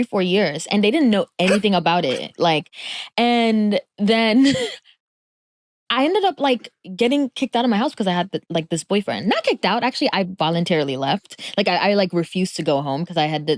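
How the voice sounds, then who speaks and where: A woman's voice: mid-range voice, big pitch swings, fairly quick, no room sound, studio quality. A young woman hosting a podcast, sharing her own experiences in casual, reflective chat and laughing often. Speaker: podcast host.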